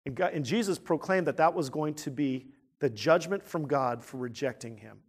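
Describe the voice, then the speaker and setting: A man preaching a sermon in an earnest way, asking rhetorical questions and swinging from quiet, hushed points to loud, emphatic ones. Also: fairly high pitch, normal speed, breathy edge. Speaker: pastor.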